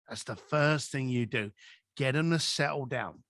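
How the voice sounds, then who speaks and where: A man as a podcast guest, giving advice through animated stories and acting out quoted dialogue. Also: a little high, moderate pace, dry recording, studio quality. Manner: acts out quoted dialogue with lively voices.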